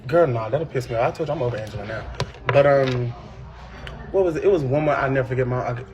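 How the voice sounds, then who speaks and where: A man co-hosting a casual chat, telling a story in an animated way and jumping up in pitch to act out shouting. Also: fast talker, lo-fi sound. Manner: animated storyteller, jumps high and loud when acting out shouting. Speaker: podcast co-host.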